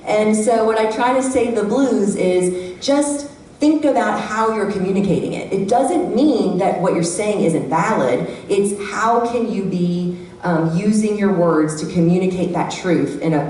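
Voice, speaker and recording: A middle-aged woman with a mid-range voice gives a lively workshop talk to a live audience in a church hall, speaking at normal speed into a handheld microphone. She animatedly acts out the voices of people she quotes. The recording sounds distant and echoey, with a faint hum in the background.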